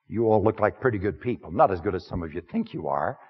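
A male preacher voicing a rough, humble working man who confides his story plainly and wryly. The voice is husky with lively pitch. The recording is dull and lo-fi. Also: fast. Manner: self-deprecating, confiding, plainspoken.

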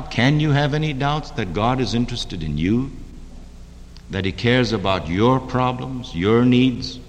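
A male preacher delivers a sermon with a lively, swinging cadence, his voice rising and falling widely. The sound carries a long hall reverb around him. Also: mid-range voice, a little hiss or hum. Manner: lively preaching cadence, dropping to soft prayerful tones. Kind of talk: sermon with scripture reading.

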